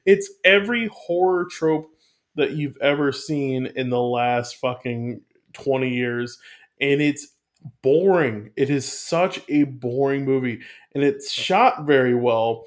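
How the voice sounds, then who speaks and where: A man chatting casually about a film, animated and profane, rambling with restarts as he talks. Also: mid-range voice, slow pace. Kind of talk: casual movie review chat.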